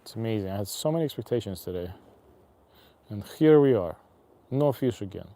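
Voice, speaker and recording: A man's voice: on the low side, animated, fairly quick, mellow. A man chatting casually and wryly to himself and passersby while fishing outdoors by an icy river, streaming live. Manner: rambling, wry, talks to himself and passersby.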